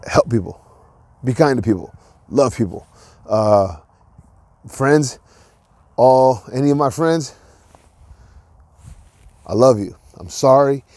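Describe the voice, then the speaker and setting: A man's voice: mid-range voice, lively intonation, takes it slowly, pauses often, mellow, dry recording. A man hosting his own podcast, talking alone in a casual, rambling way with many restarts, earnest and encouraging. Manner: rambling, with frequent restarts and filler words. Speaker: podcast host. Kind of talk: casual solo monologue.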